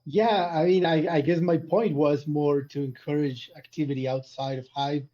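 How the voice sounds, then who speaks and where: A man's voice: a little high, moderate pace, muffled recording. A man arguing his point with energy in a casual online group discussion. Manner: animated, emphatic, arguing a point. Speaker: community panelist.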